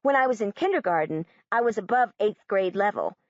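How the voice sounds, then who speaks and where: A woman reads an audiobook in the first person as a young girl, literal and matter-of-fact, her pitch swinging in a lively way. The recording is dull and muffled and very dry. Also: fairly quick, dry recording. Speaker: audiobook narrator.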